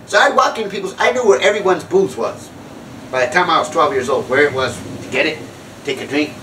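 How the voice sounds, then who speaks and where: A man in his sixties, a comedic speaker on sobriety, tells a rambling, self-mocking story about his past, often breaking off and starting over. His voice is high-pitched, fairly quick and a bit bright. The rough recording was made from a distance, with slight background noise.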